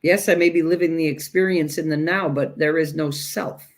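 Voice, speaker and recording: A woman teaching self-growth in a direct spiritual talk, speaking emphatically and deliberately and addressing listeners as "you guys". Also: sits low, steady tone.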